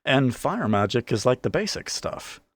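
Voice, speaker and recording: A man's voice: medium pitch, sing-song, moderate pace, fairly bright tone, dry recording, pitched above the performer's own voice. A man voicing a timid young male cat-folk fire mage who speaks nervously. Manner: nervous, tentative.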